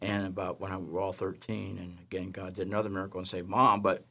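An animated male storyteller who works as a chaplain and recounts faith stories in an interview. He jumps in pitch as he acts out the other people in each tale. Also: quick pace, gravelly, husky. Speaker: jail chaplain.

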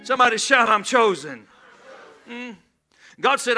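A middle-aged man preaching a sermon as pastor, impassioned, shouting at times and calling for responses from the congregation. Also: high voice, lively intonation, measured pace, soft background music.

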